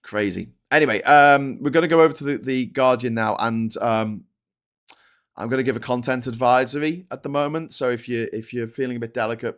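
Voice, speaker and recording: A man's voice: mid-range voice, brisk, clear, resonant tone. A man hosting a livestreamed news show, ranting in exasperation about the day's stories and reading out viewer chats.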